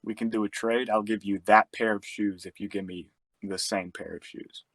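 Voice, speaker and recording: A man in casual chat with friends, joking in a deadpan way and bargaining stubbornly. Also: fairly low pitch, normal speed, no room sound. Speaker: podcast co-host.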